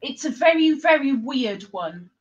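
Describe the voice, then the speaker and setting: A woman's voice: sits high, expressive, unhurried, lo-fi sound. A woman hosting a casual livestream, chatting and giggling in a rambling, teasing way. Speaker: livestream host.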